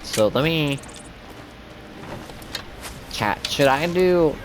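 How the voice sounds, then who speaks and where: A man's voice: fairly high pitch, animated, extremely slow, noisy background. A young man giving casual gameplay commentary as a streamer, chatty and rambling. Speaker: gaming streamer.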